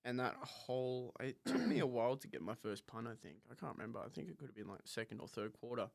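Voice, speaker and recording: A young man with an Australian accent, talking casually and laughing at himself often. His voice has a gravelly rasp, and his pitch swings about a lot. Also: quick pace, no room sound. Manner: laughing, animated, self-mocking. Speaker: guest, college punter. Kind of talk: casual podcast chat.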